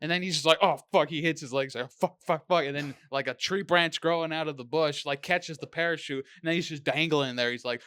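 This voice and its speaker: In a casual podcast chat, the young male co-host tells lively, profanity-heavy stories and acts out the quotes. His clean-toned voice is on the high side and brisk, with hardly any pauses. The studio-quality recording is dry.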